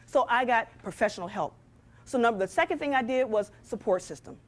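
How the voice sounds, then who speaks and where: A woman giving a motivational talk from a stage, speaking straight to the audience with a lively, preacher-like rhythm. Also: fairly high pitch, fairly quick.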